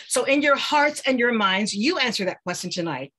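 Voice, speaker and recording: A woman's voice: on the high side, animated, normal speed, pushed and bright, breathy edge. An older woman gives an earnest, rallying motivational speech over a video call, speaking with a preacher-like cadence. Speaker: guest speaker.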